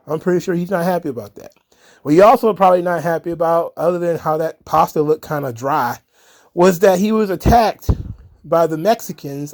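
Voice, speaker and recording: A man with a slightly high, darkish voice hosts a wrestling commentary channel, delivering a casual solo commentary. He's opinionated and rambling, with frequent fillers and restarts.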